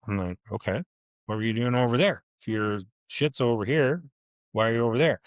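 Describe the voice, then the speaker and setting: Animated, swearing dad telling a gym story. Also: male voice, mid-range voice, moderate pace, pauses often, no room sound. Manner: animated, profane, acts out both sides of an argument. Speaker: podcast co-host. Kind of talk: casual storytelling chat.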